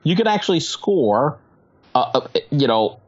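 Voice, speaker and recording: A woman co-hosting a casual political chat, excitable and stammering through restarts, sometimes swearing. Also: low-pitched, measured pace, husky, highs cut off.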